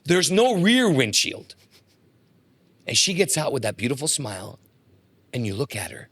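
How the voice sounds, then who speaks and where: A man's voice: medium pitch, normal speed, long pauses. A middle-aged man telling stories as a podcast guest, acting out the dialogue in them. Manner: animated storyteller acting out dialogue. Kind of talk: casual storytelling.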